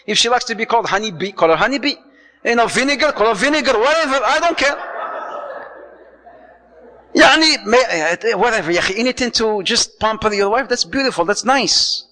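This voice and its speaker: A man giving a playful, lively lecture on marriage to a congregation, dropping Arabic phrases into his talk. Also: very high voice, fairly quick. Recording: long hall reverb.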